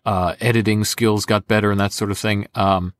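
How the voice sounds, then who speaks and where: A young American voice actor chatting in an interview, with an animated, storytelling delivery. His voice sits a little low, and the recording is close and dry. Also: moderate pace, no echo. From United States. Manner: animated storyteller, slips into impressions. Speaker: voice actor guest. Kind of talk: casual interview.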